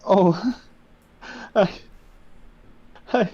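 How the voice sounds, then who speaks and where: A man's voice: high-pitched, extremely slow, mellow, no room sound, voice pushed up, exaggerated voice. Vendela, a man doing a stammering, apologetic young man. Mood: flustered. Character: flustered, apologetic young man, freshly freed from a spell. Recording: muffled lo-fi audio.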